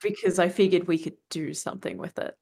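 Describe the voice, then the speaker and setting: A woman's voice: lowish voice, fairly quick, vocal fry, mellow. A woman co-hosting a podcast over a video call, chatting casually and giggling often. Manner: giggly, easily moved to tears. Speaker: podcast co-host.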